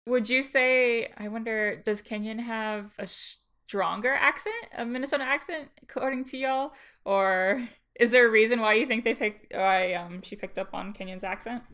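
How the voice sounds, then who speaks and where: A woman host, asking curious questions in a soft, casual podcast chat. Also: on the high side, moderate pace.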